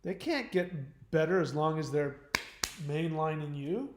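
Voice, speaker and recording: A man's voice: on the high side, lively intonation, a little slow, background noise. Man talking casually in an echoey room. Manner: rambling, with frequent restarts and fillers. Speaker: host. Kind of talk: casual livestream talk.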